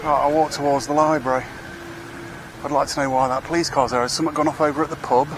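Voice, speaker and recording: A man's voice: a little high, flat delivery, fast talker, noisy background. Wry rambling Englishman on a street walk. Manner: rambling, wry, swears casually. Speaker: street vlogger. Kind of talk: casual walking commentary. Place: outdoors on town streets.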